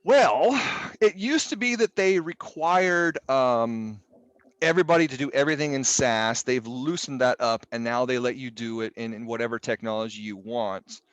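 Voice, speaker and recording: A man's voice: medium pitch, moderate pace, no echo. A middle-aged man teaching a statistics class online, casual and jokey with exasperated asides and mild swearing. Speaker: statistics instructor. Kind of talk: live online class lecture.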